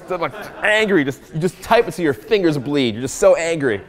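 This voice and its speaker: This dating coach, speaking live to an audience, keeps things animated, funny, and profane, frequently impersonating what people say. His voice is a little high and his pace brisk.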